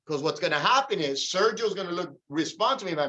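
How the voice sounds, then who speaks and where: Energetic man coaching his sales team. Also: high voice, fairly quick, hardly any pauses, muffled recording. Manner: energetic, calls on people by name. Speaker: real estate broker leading a sales meeting.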